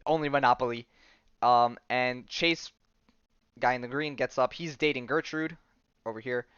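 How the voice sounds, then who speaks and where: A young man hosts a casual comic recap in a smooth, resonant voice of middling pitch. He rambles with enthusiasm and stumbles through restarts and slangy asides. The sound is dull and lo-fi in a dry, deadened space. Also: a little slow, a bit bright, dry recording. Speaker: podcast host.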